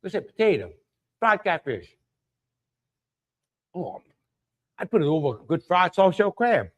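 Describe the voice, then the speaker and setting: A man's voice: sits high, sing-song, a little slow, a bit bright. A man with a Louisiana accent hosting a casual live cooking stream, chatty and exclamatory, greeting viewers by name and laughing often. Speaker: cooking show host.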